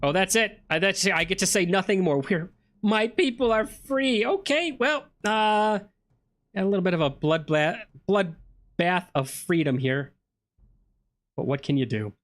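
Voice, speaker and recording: A man's voice: sits high, unhurried, a bit bright. A man giving chatty let's play commentary, thinking aloud and questioning himself as he plays an old computer game. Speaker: gameplay streamer.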